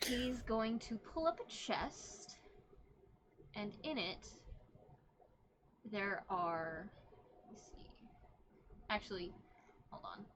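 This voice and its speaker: A woman narrates a tabletop game as game master, casual and chatty. Her voice sits in a middle pitch. A faint hiss of background noise runs under the recording. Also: animated, takes it slowly, pauses often.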